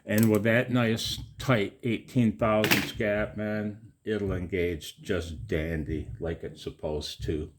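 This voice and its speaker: A man's voice: on the low side, steady tone, takes it slowly, hardly any pauses, a little hiss or hum. A middle-aged man talking to his viewers in a rambling, casual monologue, chatty and profane, often poking fun at himself. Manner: chatty, profane, self-mocking. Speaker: video maker.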